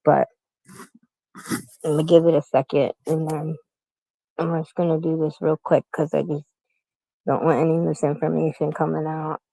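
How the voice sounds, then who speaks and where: Middle-aged woman, low voice, gravelly, casual rambling livestream chat, phone mic, hospital room. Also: little pitch movement, moderate pace, long pauses, mellow, no room sound, low-quality recording. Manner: rambling, keeps greeting viewers by name. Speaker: YouTube livestream host.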